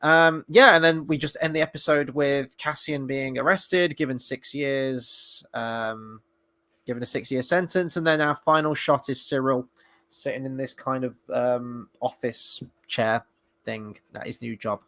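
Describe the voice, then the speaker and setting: A man's voice: mid-range voice, a little slow, bright, forceful tone. A man hosting a casual show review, rambling with lots of fillers and the odd swear word. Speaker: podcast host.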